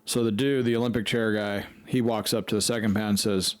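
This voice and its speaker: Low-ish guy on a podcast, cussing a lot while he tells a long story, dry sound. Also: steady tone, brisk, no echo. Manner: profane, rambling storyteller. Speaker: podcast host. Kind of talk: casual storytelling chat.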